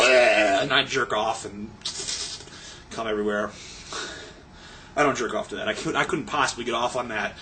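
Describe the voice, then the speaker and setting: A man's voice: medium pitch, moderate pace, pauses often, pushed and bright, a little hiss or hum. A young man ranting to his camera in a rambling, sarcastic and crude casual way. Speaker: vlogger. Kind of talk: casual profane rant.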